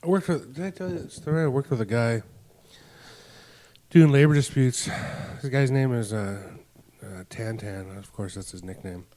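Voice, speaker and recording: A man of ordinary pitch tells loose, winding stories in casual podcast chat. He slips in and out of the voices of the people he quotes and keeps the talk easygoing. His delivery is rambling and full of asides. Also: normal speed, warm tone. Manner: rambling anecdotes, acts out quoted dialogue. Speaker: podcast host.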